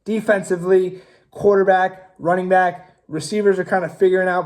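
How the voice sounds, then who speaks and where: A young man with a fairly high voice holds forth on his own show, rambling through opinionated predictions in a loose, casual manner. He circles back to his points, hedges, then commits hard. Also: darkish tone. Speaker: show host. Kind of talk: casual sports talk.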